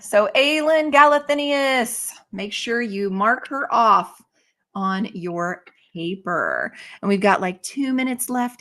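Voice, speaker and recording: A woman hosting a casual live stream, chatting brightly and reacting to viewer comments. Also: medium pitch. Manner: bubbly, reads viewer comments aloud. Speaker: livestream host.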